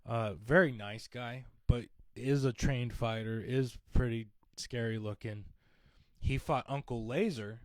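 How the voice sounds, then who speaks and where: A man co-hosting a podcast, retelling a story in an animated, laughing way during casual chat. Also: mid-range voice, measured pace, dry recording. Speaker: podcast co-host.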